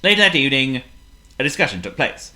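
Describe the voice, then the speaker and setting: A storyteller reading a children's picture book aloud in a lively, theatrical way. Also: medium pitch, fast talker. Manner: lively, theatrical, voices every figure.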